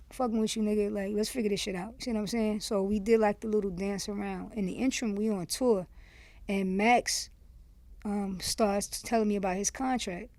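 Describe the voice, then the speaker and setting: A woman from Miami, a podcast guest telling a story in a candid, animated way, acting out quoted dialogue. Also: medium pitch, no echo. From Miami, USA. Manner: candid and animated, acts out quoted dialogue, lots of "you see what I'm saying". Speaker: podcast guest, former rapper. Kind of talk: casual storytelling in an interview.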